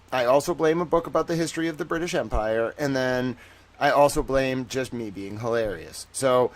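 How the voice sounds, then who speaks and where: Playful rambling male livestream host. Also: medium pitch. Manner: rambling, playful, lots of "like" fillers; animated, greets chat viewers by name. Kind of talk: casual livestream chat.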